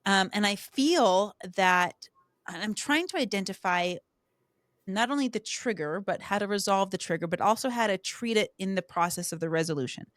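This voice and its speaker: A woman hosting a podcast, telling personal stories in an animated, emotional way with frequent restarts. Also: mid-range voice, normal speed, no room sound. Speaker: podcast host. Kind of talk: casual conversational interview.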